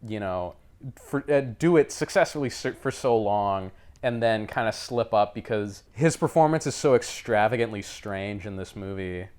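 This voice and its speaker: Animated man co-hosting a podcast. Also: lowish voice, moderate pace, clean tone. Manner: animated, laughs often. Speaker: podcast co-host. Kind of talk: casual film-discussion chat.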